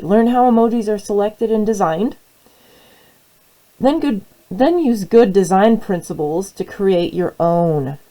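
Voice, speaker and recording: A young woman teacher talks through a classroom project in a loose, friendly tutorial. Her voice is mellow and warm, sitting at a middle pitch. She has the hiccups, and she rambles with fillers and restarts. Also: low-quality recording.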